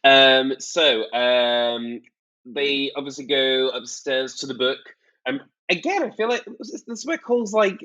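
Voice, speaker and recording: A man's voice: medium pitch, measured pace, dull audio. A man co-hosting a podcast, chatting casually as he recaps a book and acts out the characters' quotes. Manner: animated storytelling, acts out quotes. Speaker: podcast co-host.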